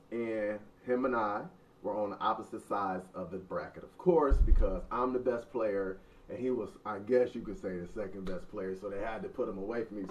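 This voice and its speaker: A man's voice: lowish voice, recorded from a distance. A man in his thirties, the host, telling a funny story in a joking, mock-dramatic way. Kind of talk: casual storytelling. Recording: muffled sound from off mic.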